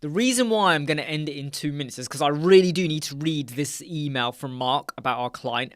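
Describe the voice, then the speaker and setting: Hosting a relaxed live chat, this chatty UK man jokes around, laughs a lot and reads out comments from viewers. His voice sits a little high, fairly bright, clear and resonant. It's a dry, studio-quality recording made in a dark, soundproof-paneled room.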